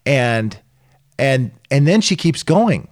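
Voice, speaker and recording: A middle-aged man in a casual podcast chat who tells stories in an animated way and acts out the voices of the people in them. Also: mid-range voice, slow, no room sound, studio quality. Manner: animated storyteller acting out quoted voices. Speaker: podcast co-host.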